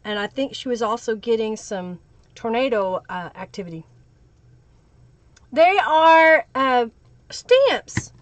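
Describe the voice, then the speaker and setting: A woman with a high, bright-pitched voice hosts a live crafting stream, chatting and thinking aloud as she works. She greets viewers by name. The sound is dry and close, with no room echo. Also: animated, a little slow, long pauses. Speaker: craft livestream host. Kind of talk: live crafting tutorial with chat shout-outs.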